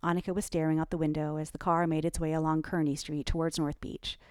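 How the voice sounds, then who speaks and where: A woman narrating a novel in an even, measured storytelling manner. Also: low voice, dry recording, studio quality. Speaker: audiobook narrator. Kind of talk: scripted narration.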